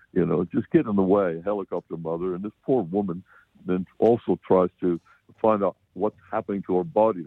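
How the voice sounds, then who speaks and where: A man's voice: low-pitched, dry recording. An American man giving a rambling, laughing film review on a community radio show. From United States. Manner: rambling, laughs often, many fillers. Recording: tinny phone line.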